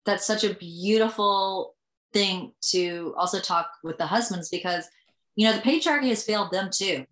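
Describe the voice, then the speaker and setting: A woman hosting a podcast, speaking in an affirming, reflective and gently earnest way. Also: mid-range voice, moderate pace. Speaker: podcast host. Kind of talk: casual conversation. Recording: echoey room.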